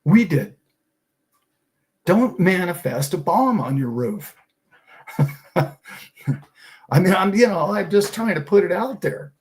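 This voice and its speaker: A middle-aged man with a slightly high voice hosts a finance show. He talks in a casual, motivational way and fires off one rhetorical question after another. He sounds enthusiastic and a little preachy. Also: expressive, takes it slowly, pauses often. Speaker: host of a finance and crypto show.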